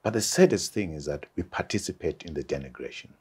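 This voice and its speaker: Very deep husky male host. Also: animated, fast talker, a little mellow. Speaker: interview host. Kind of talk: conversational interview.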